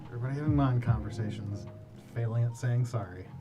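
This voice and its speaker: A man's voice: mid-range voice, fast, far from the mic, loud music behind the voice. A man playing in a tabletop game, making wry, joking asides. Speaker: player. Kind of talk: casual tabletop play.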